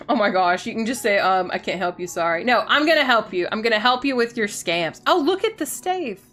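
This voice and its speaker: Silly woman gamer streaming, bright highish voice, super bouncy, chatting w chat. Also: very animated, moderate pace, soft background music. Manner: playful, silly, chats to viewers, giggles. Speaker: game streamer. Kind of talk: casual gaming stream chat.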